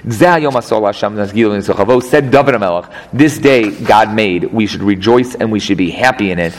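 A man's voice: on the low side, a little fast. A man teaching a text study, explaining and translating verse by verse. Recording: long hall reverb, faint noise.

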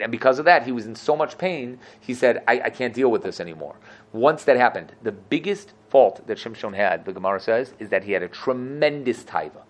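A man teaching a lively Torah class, acting out quotes and asking "right?" often. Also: on the low side. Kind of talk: animated classroom Torah lesson.

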